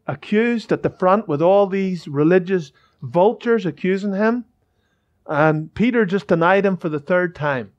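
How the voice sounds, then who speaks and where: High-voiced fervent male preacher. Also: lo-fi sound. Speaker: pastor. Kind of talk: sermon. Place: church.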